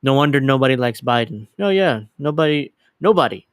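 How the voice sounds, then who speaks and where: A man's voice: mid-range voice, animated, a little fast, smooth, no room sound. A man hosting his livestream, giving casual, profane, sarcastic commentary on a clip and laughing often. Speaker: livestream host.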